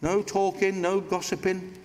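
A man's voice: high-pitched, flat delivery, unhurried, darkish tone. A man preaching a sermon as pastor, talking conversationally with asides and light humor. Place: large church. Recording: hall reverb.

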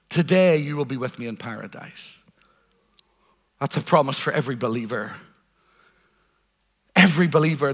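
High, bright-voiced preacher in a reverberant hall. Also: male voice. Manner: earnest, emphatic, repeats phrases for weight. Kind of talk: sermon.

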